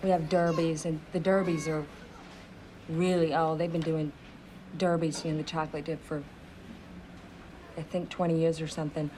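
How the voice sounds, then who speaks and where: A woman playing a halting, naive shop girl. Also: low voice, flat delivery, darkish tone, a little hiss or hum, lightly acted, rough recording. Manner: hesitant, halting, lots of ums. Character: naive young woman ice cream shop worker. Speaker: ice cream shop worker. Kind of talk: mockumentary interview.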